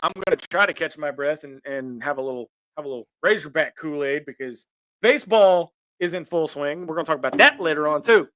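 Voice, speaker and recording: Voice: medium pitch, fairly quick, a bit bright, no room sound. A sports talk show host giving blunt opinions, tripping over restarts when worked up.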